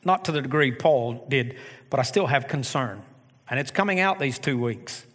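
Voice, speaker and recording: A middle-aged man preaching a sermon as pastor of his church, animated with joking asides. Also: medium pitch, normal speed. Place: church sanctuary. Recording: long hall reverb.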